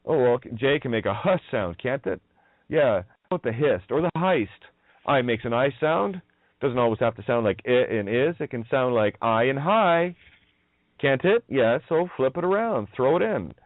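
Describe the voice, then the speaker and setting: A radio show host delivers a rambling solo monologue in an animated, mid-range voice at normal speed, with no echo. He's profane and mocking, laughs often, and plays with how words sound. The audio is narrow and tinny, like a phone.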